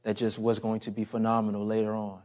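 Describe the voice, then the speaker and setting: A man's voice: monotone, quick pace, darkish tone. A man preaching a sermon, telling a personal story in a conversational way and building to an impassioned appeal. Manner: impassioned, rising in pitch and volume toward the end. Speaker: pastor.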